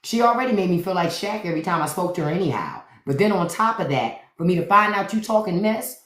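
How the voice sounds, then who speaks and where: A woman with a deep voice hosting a live stream, telling unfiltered comedic stories, swearing freely and acting out the voices of the people in them. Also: fast talker, hardly any pauses, roomy sound. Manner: profane, animated, acts out other people's voices. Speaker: podcast host on a live stream. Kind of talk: unfiltered comedic storytelling monologue.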